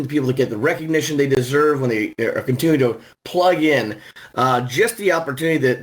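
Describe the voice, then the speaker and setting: A man with a somewhat high voice opens a weekly training call for a sales team. He talks with eager enthusiasm, stumbling into fillers and restarts as he goes. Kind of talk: upbeat sales call hosting.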